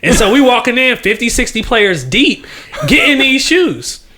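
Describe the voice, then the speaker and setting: Podcast guest: young man, high-pitched, animated, laughs a lot, salty slang. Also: normal speed. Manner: animated storyteller, laughs often, slangy and profane. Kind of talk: casual chat.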